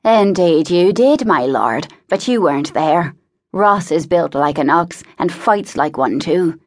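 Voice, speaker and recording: A woman playing a rough hired ruffian, slow drawl, defiant, defensive. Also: lowish voice, lively intonation. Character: rough hired thug, defiant working man.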